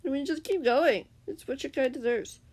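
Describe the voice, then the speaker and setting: A woman voicing a cruel, menacing male captor in an amateur fanfiction reading, often dropping to a hushed, threatening tone. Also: high voice, moderate pace, noisy background, pitched above the performer's own voice, close to an everyday voice.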